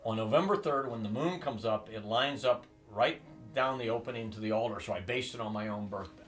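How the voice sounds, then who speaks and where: This interviewee, a man in his sixties, has a lowish voice and a brisk pace, recorded from afar with faint background music. Animated and digressive, he tells long personal stories and performs the voices of the people in them.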